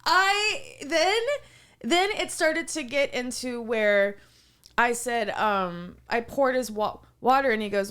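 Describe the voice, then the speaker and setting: A woman's voice: on the high side, expressive, takes it slowly, a bit bright, clean tone. A woman in her late twenties co-hosting a podcast, telling a story in casual chat, acting out the people in it and laughing often. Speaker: podcast co-host.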